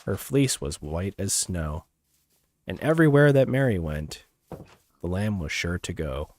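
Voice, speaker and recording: A man putting on a calm, overly serious voice and reciting slowly and deliberately. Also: deep voice, exaggerated voice. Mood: solemn. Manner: slow, solemn, deliberate.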